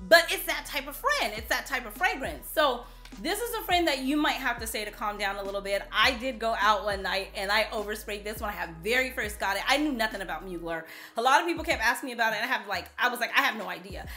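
A woman vlogger chatting casually to camera about perfumes, animated and playful, repeating herself for emphasis. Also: fairly high pitch, a little fast, faint music behind. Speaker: beauty vlogger reviewing perfumes.

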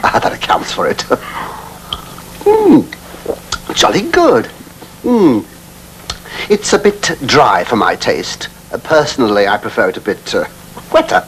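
A cheeky, fussy old-school music-hall comic, slow and drawling, with a voice that leaps wildly up and down. He mutters camp asides and lapses into mock-tragic recitation, in a 1970s film comedy. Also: medium pitch, huge pitch swings, a little hiss or hum. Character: fussy bumbling middle-aged male music-hall performer. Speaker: comic entertainer.

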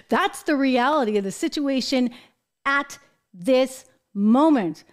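An American woman with a slightly high voice hosts a commentary show. She talks emphatically and with animation, throwing in exasperated asides. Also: animated, takes it slowly. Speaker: show host. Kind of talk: political commentary.

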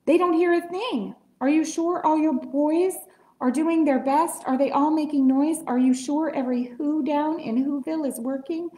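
A woman's voice: sits high, normal speed, warm tone, voice pushed up, close to an everyday voice. A woman voicing a kind, loyal male elephant in a read-aloud storybook, calling out with pleading urgency. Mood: anxious. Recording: echoey room.

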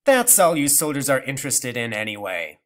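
A bitter elderly grandmother who scolds in a sharp, raised, indignant voice, as a man reading the story puts her on. Her pitch leaps around in lively swings, and she sounds storybook-theatrical. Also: normal speed. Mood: scornful.

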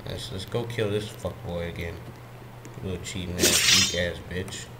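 A man commentating his own gameplay, frustrated and swearing at opponents, with loud game music and gunfire behind him. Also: deep voice, level tone, moderate pace, heavy background noise. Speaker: gamer.

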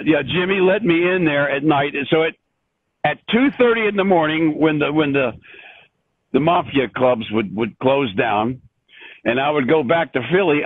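Older man, husky voice over a tinny line. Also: on the high side, no echo. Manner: rambling, many restarts, animated. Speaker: composer interview guest. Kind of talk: storytelling in an interview. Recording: dry tinny phone-like line.

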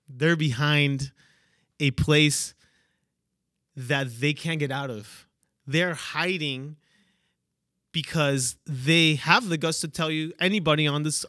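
This podcast host delivers a motivational monologue in a fairly high, fairly bright voice, leaning hard on key words and repeating "okay?" and "right?" for emphasis. The sound is clean studio quality with no room sound.

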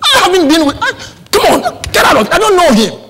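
A preacher with an African accent doing a flustered grown man who is cornered and denying a friend. The voice leaps high and rushes, stumbling over half-finished phrases. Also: wildly swooping pitch, bright, forceful tone, heavily acted. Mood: panicked. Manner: flustered, stammering, breaking off words.

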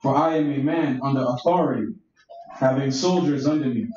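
Male scripture reader, mellow, steady delivery, distant echoey dull recording. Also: medium pitch, normal speed, slight background noise. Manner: steady, plain reading of verses. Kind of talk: reading scripture aloud. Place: church meeting room. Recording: echoey room, distant mic, dull sound.

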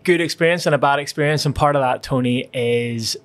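A man with a mid-pitched voice hosts a casual podcast interview. He banters in a relaxed, friendly way and sometimes hesitates with fillers. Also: a little fast. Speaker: podcast host. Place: burger restaurant.

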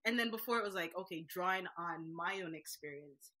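A woman in her thirties from Jamaica, a business owner talking as a guest in a casual interview, lively and laughing often. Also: fairly low pitch, a little fast.

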